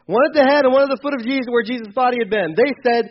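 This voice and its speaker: A man with a high voice preaches a casual sermon, swinging between loud exclaimed bursts and hushed asides as he acts out what people said. The sound is dull and slightly lo-fi. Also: fast talker. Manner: animated, acts out quotes with sudden loud bursts and quiet drops. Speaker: pastor.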